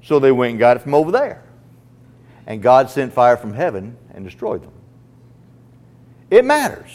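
A man's voice: medium pitch, expressive, brisk, a little mellow. A man preaching a sermon, earnest and emphatic, speaking straight to the listener as a friend.

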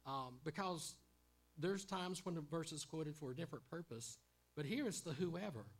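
A man's voice: fairly high pitch, expressive, moderate pace. A man preaching a sermon in an earnest teaching tone, often repeating words and stopping with fillers.

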